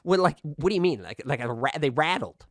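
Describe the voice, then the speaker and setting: A man's voice: fairly high pitch, animated, fairly quick, no echo, clean studio sound. A man playing a rambling, defensive radio host. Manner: rambling, tacks "okay?" onto lines, boastful and defensive. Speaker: radio call-in show host. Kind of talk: comedic audio drama.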